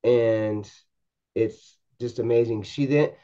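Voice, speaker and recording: Man, podcast guest, storytelling, halting, repeats himself, mellow voice, mid pitch. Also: steady tone, lo-fi sound. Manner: halting, with frequent repeated words and restarts. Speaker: podcast guest, paranormal investigator. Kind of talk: storytelling anecdote in a podcast interview.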